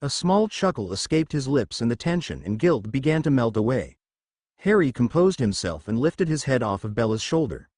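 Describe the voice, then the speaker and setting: A man narrating a fan fiction story in a steady, expressive storytelling voice. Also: medium pitch, normal speed, no echo, studio quality.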